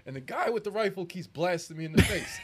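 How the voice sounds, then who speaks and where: A man's voice: high-pitched, huge pitch swings, fairly quick, noisy background. A man co-hosting a casual gaming podcast, rambling and laughing often. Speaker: podcast co-host. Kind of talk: casual chat.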